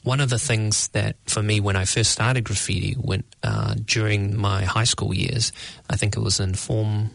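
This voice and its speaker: A young man, answering interview questions about his art in a measured, thoughtful way, often searching for words. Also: lowish voice, steady tone, vocal fry, no echo. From New Zealand. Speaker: guest artist.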